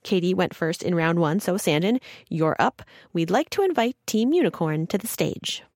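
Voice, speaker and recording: A woman hosting a podcast in a cheerful, energetic scripted style. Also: fairly low pitch, normal speed. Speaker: podcast host.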